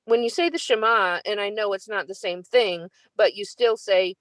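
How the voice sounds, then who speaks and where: A woman's voice: mid-range voice, normal speed, a bit bright, no echo. Woman thinking aloud in class. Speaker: class participant.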